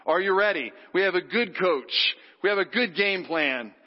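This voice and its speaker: A man preaching a sermon, animated, leading the congregation in call-and-response. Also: high voice, normal speed. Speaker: pastor. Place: church sanctuary. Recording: dull sound with long hall reverb.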